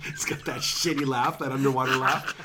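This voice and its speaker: A man co-hosting a casual podcast chat, animated and quick to laugh, swearing casually. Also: mid-range voice, very noisy. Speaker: podcast co-host.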